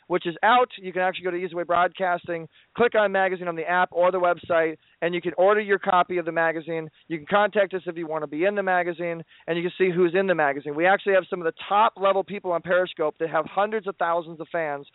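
A man's voice: high-pitched, no echo. A man hosting a radio talk show, wrapping up with effusive, pleading plugs and playful banter. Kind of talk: excited promotional sign-off. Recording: tinny phone-like line, dry.

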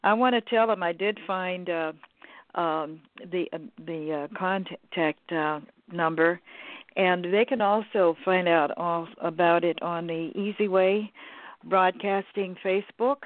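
A woman hosting a radio interview, speaking haltingly with many fillers. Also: on the low side, no room sound. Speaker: radio show host. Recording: dry tinny phone line.

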